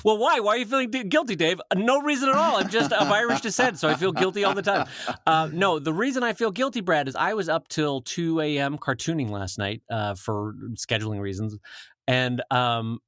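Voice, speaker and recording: A man's voice: a little high, a little fast, a bit bright, no echo, clean studio sound. A man co-hosting a podcast in a casual chat, joking and self-deprecating, now and then mimicking relatives' voices. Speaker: podcast co-host.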